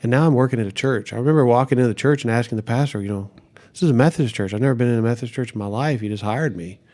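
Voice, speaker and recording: A man's voice: mid-range voice, racing, warm tone. A middle-aged man and pastor telling a story in a casual interview, acting out quotes and laughing often.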